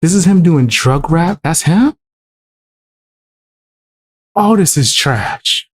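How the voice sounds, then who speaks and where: A man's voice: a little high, lively intonation, slow pace. A man reacting to music clips on a stream, blunt and mocking, swearing often. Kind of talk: casual reaction stream commentary.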